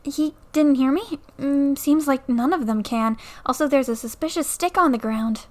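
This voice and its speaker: A woman's voice: high voice, normal speed, darkish tone. A young woman casually commenting on a game at home into a new mic, playfully reading the dialogue aloud and joking about it. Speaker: let's play creator. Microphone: new desktop mic.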